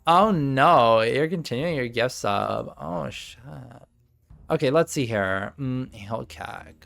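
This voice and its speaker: A man's voice: medium pitch, animated, slow, vocal fry, fairly bright tone, soft background music. A man running a live tabletop game as game master, talking in a put-on Valley Girl voice, bubbly and sarcastic with casual swearing.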